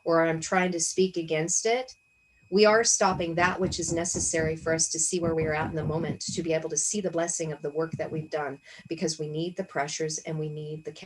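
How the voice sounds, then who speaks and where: A woman's voice: low voice, flat delivery, fast talker, hardly any pauses, poor audio. A woman hosting a spiritual discussion on a video call, talking earnestly and reflectively, often asking herself questions aloud. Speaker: Bible study discussion host. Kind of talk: casual spiritual teaching over a video call.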